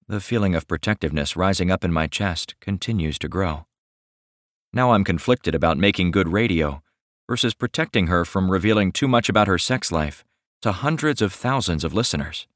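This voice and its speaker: Low-voiced male audiobook narrator. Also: lively intonation, normal speed, a bit bright, no echo, studio quality. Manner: wry, confiding inner monologue. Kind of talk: first-person audiobook narration.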